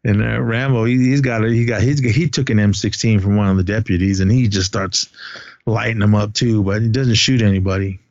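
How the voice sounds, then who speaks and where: A man's voice: on the low side, steady tone, a little fast, a little mellow, no room sound, highs cut off. A man casually recapping a movie in a rambling way, with lots of fillers and swearing.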